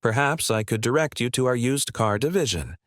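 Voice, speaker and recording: A man's voice: mid-range voice, expressive, fairly quick, no room sound, clean studio sound, lightly acted. A male narrator reading the lines of a smug, condescending car sales manager who talks down to people.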